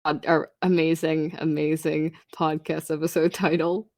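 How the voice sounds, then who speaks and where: A woman's voice: low voice, little pitch movement, normal speed, a little mellow. A woman hosting a podcast, chatting playfully and reading her own story aloud, often mocking herself. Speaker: podcast host.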